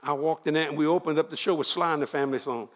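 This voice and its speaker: In a rapid-fire, somewhat high voice, a man in his seventies with a Louisiana Cajun accent preaches to a congregation, telling folksy, animated stories.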